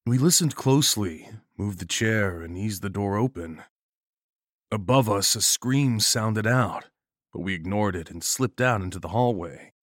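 A man narrating a horror story in a steady first-person storytelling voice. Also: on the low side, a little slow, no room sound, studio quality.

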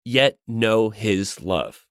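A man playing a smooth-talking, charismatic self-help pastor in an improvised comedy role-play, with an oily, overly friendly pitchman delivery. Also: big pitch swings, extremely slow, dry recording, clean studio sound, heavily acted. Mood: smarmy.

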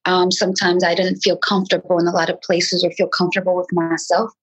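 A woman from New York, a rapper talking in a casual interview, with a nasal voice and halting speech full of restarts. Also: little pitch movement, husky, muffled recording, faint music behind. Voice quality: nasal, sometimes high-pitched. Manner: frantic, halting speech with many restarts and fillers. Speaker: rapper guest.

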